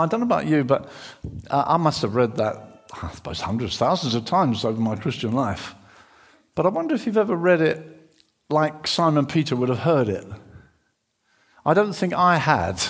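A middle-aged man preaches with a husky, somewhat high voice that rises and falls in lively swings. His sermon is dramatic, moving from urgent, loud passages to near-whispered ones as he acts out the story.

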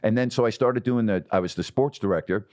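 A middle-aged man tells stories from his broadcasting career in a fairly low voice. He talks with animation and slips into the voices of people he quotes. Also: quick pace. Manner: animated storyteller, acts out quotes. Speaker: guest, sports broadcaster. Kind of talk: storytelling in a podcast interview.

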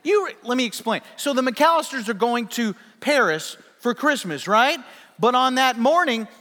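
Jokey male pastor, high bright voice, working the crowd in a reverberant church. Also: lively intonation, normal speed. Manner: playful, jokey, audience call-and-response. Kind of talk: sermon. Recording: long reverb in a large hall.

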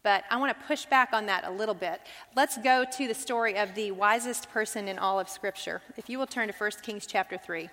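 A woman's voice: mid-range voice, a little fast, hardly any pauses, a bit bright. An earnest woman leads a Bible study, putting questions to her group. Her voice sits in a middle register and rings out with the long reverb of a big hall.

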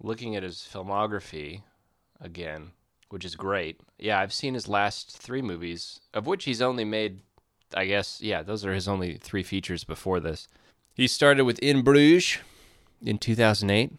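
A man's voice: on the low side, moderate pace, no echo, clean studio sound. A man co-hosting a film podcast, chatting casually and joking with frequent laughs. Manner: joking, laughs often, animated. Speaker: podcast co-host. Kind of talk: casual film review chat.

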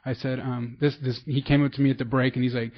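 At a recovery meeting, a man from the San Francisco Bay Area talks fast in a level, medium-pitched voice. His personal testimony is rambling and self-deprecating, full of restarts, captured in lo-fi sound.

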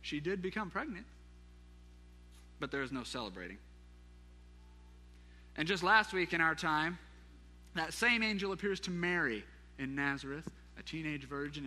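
A pastor preaching a sermon, retelling a scripture story in a lively way with asides to the congregation. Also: male voice, on the high side, normal speed, long pauses, in a large hall, soft background music.

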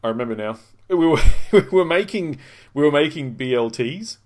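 A man's voice: a little high, expressive, normal speed. A man in a casual podcast chat, rambling and swearing as he tells stories.

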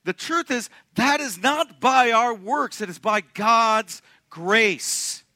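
A young man preaching a sermon to his congregation, animated and joking, often asking the room questions. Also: very high-pitched, slow pace, no room sound. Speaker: pastor. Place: church sanctuary.

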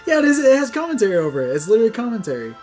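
A young man co-hosting a podcast, animated and teasing in casual chat. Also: high voice, very fast, soft background music. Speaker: podcast co-host.

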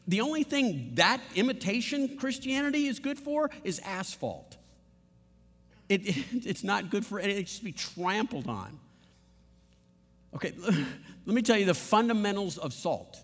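High-voiced pastor preaching in a reverberant hall. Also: male voice, big pitch swings, normal speed. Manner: emphatic, repetitive preaching with playful asides. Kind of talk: sermon.

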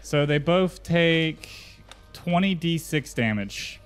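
A man takes his turn at a tabletop game, talking slowly and counting his dice out loud. His pitch is ordinary. Soft music hums behind him. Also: lively intonation, clear, resonant tone. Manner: unhurried, counts dice aloud. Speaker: player.

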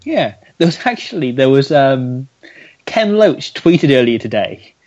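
A man's voice: medium pitch, sing-song, a little slow, a little mellow, lo-fi sound. A man co-hosting a podcast, joking and sarcastic in casual banter. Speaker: podcast co-host.

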